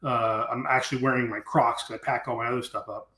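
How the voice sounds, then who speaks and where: A man telling a story as a guest in an interview, animated and acting out what people said. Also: mid-range voice, fast talker. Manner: animated storyteller who acts out quoted speech. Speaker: guest, dangerous game hunter. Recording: roomy echo.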